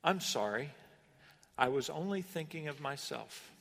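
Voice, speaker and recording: A male pastor preaching with a high, bright-edged voice. He drives points home with sudden emphatic rises and deliberate pauses. The sound carries a long reverb, like a church sanctuary. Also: animated, creaky. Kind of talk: sermon.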